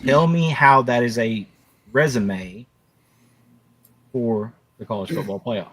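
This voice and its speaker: A man's voice: mid-range voice, slow, a bit bright, a little hiss or hum, low-quality recording. A man on a casual sports talk panel over a remote call mic, argumentative and rattling off scores.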